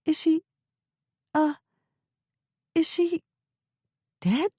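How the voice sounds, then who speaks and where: A woman's voice: extremely slow, dark tone, dry recording, clean studio sound. Woman doing a frightened young woman's voice. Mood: worried. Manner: high, worried, near tears. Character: anxious young woman calling from above.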